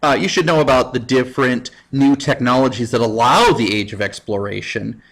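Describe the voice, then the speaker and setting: A man's voice: mid-range voice, normal speed, a bit bright. A man teaching a recorded history lesson in a casual, playful way, with goofy asides and put-on quotes. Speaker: high school history teacher. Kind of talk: jokey recorded lecture.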